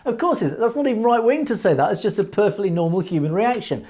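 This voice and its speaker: A man commentating on a video in measured, earnest political commentary, with light hesitations. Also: sits high, big pitch swings, a little mellow. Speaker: online news commentator.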